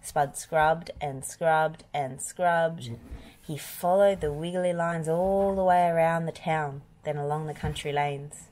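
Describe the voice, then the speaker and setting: A woman reads a children's picture book aloud in a gentle, expressive way. Her voice sits a little low. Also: takes it slowly. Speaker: storybook reader. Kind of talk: children's read-aloud narration.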